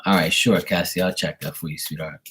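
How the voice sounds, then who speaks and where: A man hosting a casual livestream, joking crudely and streetwise, then doing psychic readings for viewers, often trailing into hushed asides. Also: low-pitched, fairly even intonation, brisk, slight background noise. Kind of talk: casual live-stream chat.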